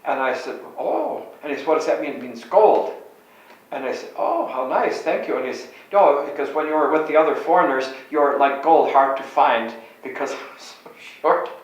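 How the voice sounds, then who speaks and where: A man's voice: a little high, brisk. An older man from Chicago, a Catholic priest, telling anecdotes from memory in a meandering way and often correcting himself mid-sentence. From Chicago, USA. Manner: meandering, self-correcting storyteller. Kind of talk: reminiscing anecdotes. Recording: very echoey room, distant mic.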